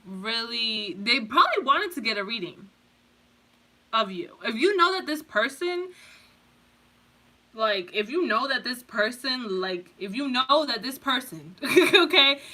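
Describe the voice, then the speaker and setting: A woman's voice: on the high side, lively intonation, a little slow, pushed and bright. A woman tarot reader giving a casual pick-a-card reading, rambling, swearing freely and laughing often.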